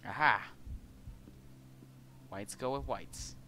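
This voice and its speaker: A man's voice: fairly low pitch, unhurried, a bit bright. A young man from California, commenting casually on a video game, rambling with many fillers, restarts and casual swearing. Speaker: let's play host.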